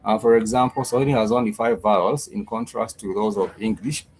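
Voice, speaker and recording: A man teaching a Swahili lesson online, patiently repeating words and drilling them slowly, with plenty of fillers and restarts. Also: on the low side, darkish tone, slight background noise, rough recording.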